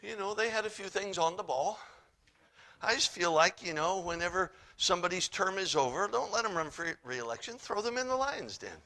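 Male pastor, bright tenor-ish voice, sermon delivery with big dynamic swings. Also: sits high, expressive, normal speed. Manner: swings from loud dramatic Bible reading to quiet folksy asides.

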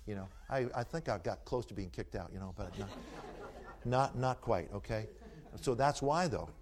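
A man's voice: on the low side, expressive, normal speed, crowd noise. A man giving a talk to an audience, telling stories in a folksy way and driving his points home with rhetorical, preacherly emphasis. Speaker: speaker taking audience questions. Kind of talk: folksy storytelling lecture.

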